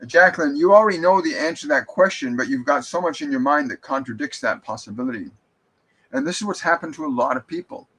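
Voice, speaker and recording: A man's voice: on the high side, expressive, fast talker, fairly bright tone, breathy edge, poor audio. Earnest, reassuring male medium. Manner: earnest, reassuring, with frequent restarts. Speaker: spiritual medium hosting a live stream. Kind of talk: live-stream talk, reading viewer comments.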